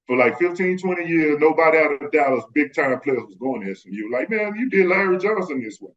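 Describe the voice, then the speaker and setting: Animated man telling stories. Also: on the high side, a little fast, highs cut off. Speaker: guest, former pro basketball player. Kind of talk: casual storytelling.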